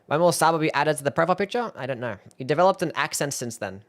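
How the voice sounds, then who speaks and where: A man's voice: a little high, expressive, fast talker, a bit bright. A young man streaming live, reacting to his own old videos, laughing, swearing and mocking himself.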